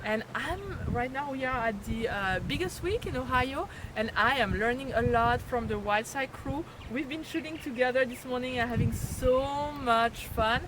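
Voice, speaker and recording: A woman's voice: high-pitched, moderate pace, few pauses, background noise. A woman from France with a French accent, a photographer guest chatting eagerly in an interview, recorded outdoors. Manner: enthusiastic, many fillers. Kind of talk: casual interview chat. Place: outdoors at a birding event.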